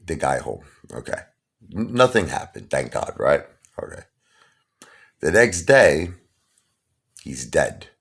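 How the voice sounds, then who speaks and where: A man's voice: a bass voice, gravelly, husky. A man with a Brooklyn accent telling a street story in a casual monologue, talking tough and asking "okay?" and "you understand?" again and again. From Brooklyn, New York. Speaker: channel host.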